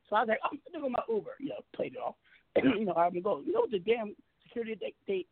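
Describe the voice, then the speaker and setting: A man's voice: high-pitched, creaky, no room sound, phone-quality sound. A man telling a heated story on a talk show, boastful, profane and emphatic.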